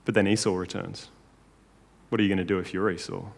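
A man's voice: deep voice, steady tone, quick pace, gravelly. A man preaching a sermon in a casual, conversational way, often checking in with his listeners. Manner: casual, conversational, with tag questions. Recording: long hall reverb.

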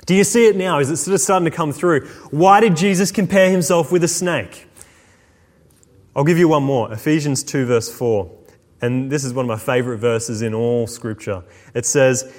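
A man preaching a sermon, swinging between slow, hushed emphasis and quick asides. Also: mid-range voice. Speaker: pastor. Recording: long hall reverb.

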